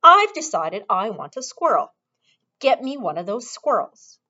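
A woman voicing a spoiled, demanding little girl who whines and shouts. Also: a little high, big pitch swings, a little slow, slightly rough, full character voice. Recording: dull lo-fi recording.

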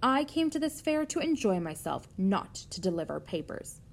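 A woman's voice: medium pitch, big pitch swings, moderate pace, creaky. A woman voicing a greedy male rat who talks in a sneering, boastful way.

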